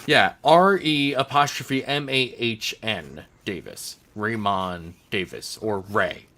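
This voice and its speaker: A man with a bright, forceful voice hosts a relaxed sports podcast. He rambles through his thoughts in a chatty way and laughs easily. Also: fairly low pitch, takes it slowly. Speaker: podcast host. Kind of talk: casual sports chat.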